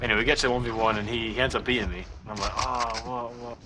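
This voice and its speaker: A man's voice: on the low side, fairly even intonation, very fast. A man in his twenties telling a rambling story in a late-night party chat, full of fillers and swearing. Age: 20s. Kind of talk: casual chat. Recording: noisy background ambience.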